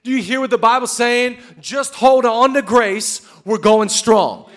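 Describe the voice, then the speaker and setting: Male pastor, 30s, high voice, fervent sermon delivery, rallying repetition. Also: unhurried. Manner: fervent, repeats rallying lines.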